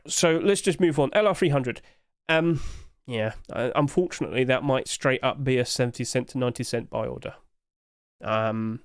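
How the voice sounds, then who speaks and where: A man's voice: mid-range voice, clear, resonant tone, dry recording, clean studio sound. A man hosting casual commentary, chatty and hedging, with apologetic asides, recorded at home on a desk mic. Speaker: host.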